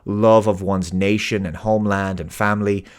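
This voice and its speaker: A man's voice: on the low side, steady tone, normal speed, clean tone. An Irish man hosting his own show, delivering an earnest, emphatic opinion monologue. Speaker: host.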